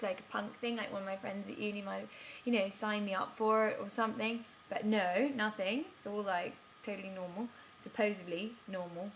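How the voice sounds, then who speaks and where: A woman's voice: on the high side, a bit bright. A woman, playing a flustered amnesiac in a scripted character vlog, who rambles with many restarts. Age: 30s. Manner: rambling, breathless, many restarts and filler words. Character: flustered woman in her thirties with amnesia, chatty and bewildered.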